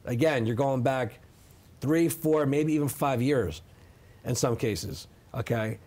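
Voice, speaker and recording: A middle-aged man speaks as a guest in a sit-down interview, his medium-pitched voice slow and a little mellow. He tells his side of a story emphatically, often tacking on "okay?" to drive his points home.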